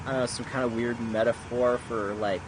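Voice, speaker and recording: A man's voice: mid-range voice, fairly even intonation, fairly quick. A man rambling casually on a gaming stream, laughing easily. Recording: noisy stream audio.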